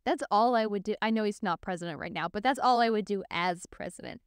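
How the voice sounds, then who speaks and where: A young adult woman co-hosting a podcast, reacting with quick playful jokes in casual chat. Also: medium pitch, clean tone, no room sound, studio quality. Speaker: podcast co-host.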